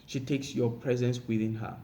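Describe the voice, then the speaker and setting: A man's voice: medium pitch, level tone, normal speed, mellow, a little hiss or hum. A man giving relationship advice in a casual monologue, repeating himself and saying "you know" constantly. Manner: repetitive, frequent "you know" fillers.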